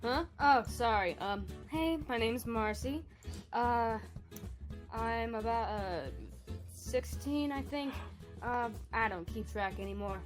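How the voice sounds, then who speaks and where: A woman's voice: a little high, takes it slowly, faint music behind. A woman voicing a spacey teenage girl who plays cello in a punk band, drawling and hesitant. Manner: drawling, hesitant, full of ums.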